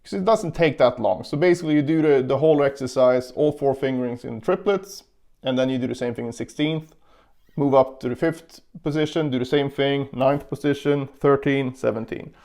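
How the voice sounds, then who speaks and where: A guitar teacher gives a relaxed lesson, talking through his picking and counting the beats out loud as he shows each part. His voice is medium in pitch and slightly mellow, with a moderate pace, and bits of guitar playing come between his words.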